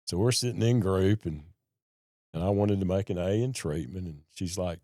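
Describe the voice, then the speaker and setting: A middle-aged man talks in a deep, mellow voice. He tells his story in a folksy, animated way and acts out the people in it. The sound is dry and close. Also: normal speed, dry recording. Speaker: podcast guest telling his recovery story. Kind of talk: casual storytelling conversation.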